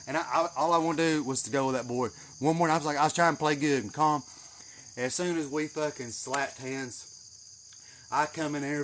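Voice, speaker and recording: A man with a drawl tells a rambling, profane story and throws in swear words freely. His voice sits fairly high for a man. Faint insects chirp behind him in a greenhouse. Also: brisk, a little hiss or hum. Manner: profane, animated, swears heavily. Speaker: channel host. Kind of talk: casual storytelling.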